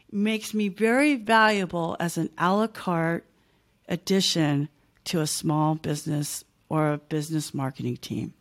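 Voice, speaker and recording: Chatty woman in her fifties. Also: medium pitch. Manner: chatty, emphatic, peppers talk with "like", "right?" and "okay?". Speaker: guest, small business owner. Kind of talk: casual podcast interview.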